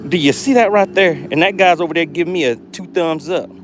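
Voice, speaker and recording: A man hosting a live fishing stream from a boat on a lake, chatting with viewers and getting excited over his catches. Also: a little high, fairly quick, slight background noise. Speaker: fishing livestream host. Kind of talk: live fishing stream, reading chat aloud.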